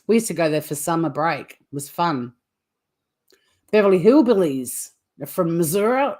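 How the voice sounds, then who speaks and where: Woman, deep voice, livestream host, chatty, rambling, casual swearing. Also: darkish tone. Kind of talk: casual chat reacting to viewer comments.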